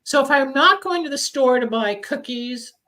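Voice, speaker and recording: A woman's voice: sits high, lively intonation, normal speed, sharp tone, poor audio. Candid, rambling woman radio host. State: coughing. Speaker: radio talk show host. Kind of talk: casual recovery talk. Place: studio in Los Angeles.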